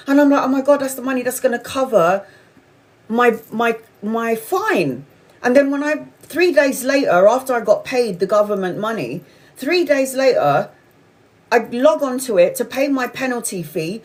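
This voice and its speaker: Forties woman, spiritual livestream host: frank, sweary, animated, pitched a touch high. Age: 40s. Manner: candid, swearing, animated storytelling. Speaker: tarot reader livestream host. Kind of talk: casual spiritual chat.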